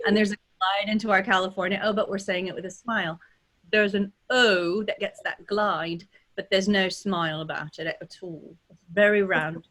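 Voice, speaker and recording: A woman's voice: medium pitch, steady tone, normal speed, a bit bright. A woman dialect coach on a video call, explaining accent sounds step by step in a casual teaching chat. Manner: demonstrative, talks through sounds step by step.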